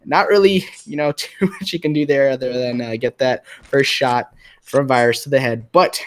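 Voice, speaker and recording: A man casting a mobile shooter match live, with excitable play-by-play full of fillers. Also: medium pitch, moderate pace. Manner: excitable caster with frequent fillers. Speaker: esports commentator.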